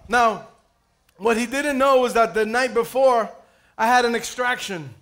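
Pastor guy preaching w a really high bright voice, playful storytelling, asks for amen a lot. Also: takes it slowly, long pauses. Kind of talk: sermon.

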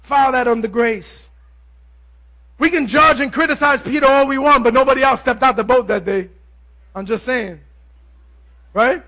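A male preacher giving a lively, conversational sermon, joking with the congregation as he goes. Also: very high-pitched, moderate pace, pauses often.

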